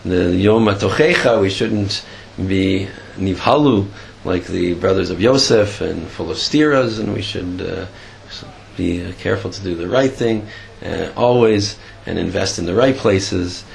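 Gravelly man telling a sermon story. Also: deep voice, a little hiss or hum, rough recording. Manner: halting, clears throat often.

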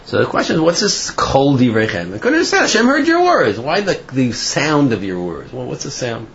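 A man's voice: mid-range voice, big pitch swings, normal speed, creaky. A man teaching an informal Torah class, talking in a chatty storytelling way with fillers. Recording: dull lo-fi recording with faint noise.

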